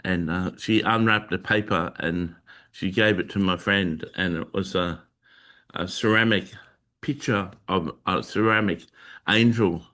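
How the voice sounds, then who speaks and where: A man hosting his own channel, telling a personal religious testimony in a halting way with many filler sounds and restarts. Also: sits low, sharp tone. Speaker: Christian video host sharing testimony.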